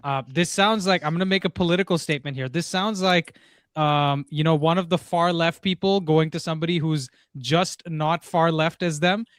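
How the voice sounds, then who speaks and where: A man's voice: a little high, fairly even intonation, normal speed, clear, resonant tone, no room sound, studio quality. A man co-hosting a casual chat who argues and pushes back. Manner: argumentative, pushing back.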